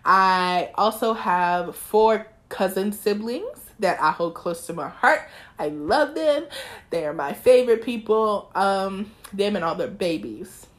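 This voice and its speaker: Lively young woman podcast host. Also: mid-range voice, takes it slowly. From East Texas. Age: 20s. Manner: lively, talkative, preachy bursts. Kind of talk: casual chat.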